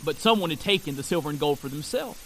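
A man preaching a sermon. He reads scripture aloud and stresses key words with slow pauses. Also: a little high, expressive, slight background noise. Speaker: pastor.

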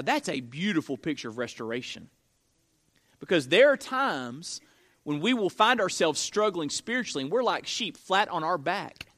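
Man, pastor, sermon, high bright voice, earnest storytelling. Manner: earnest storytelling preacher with dramatic emphasis.

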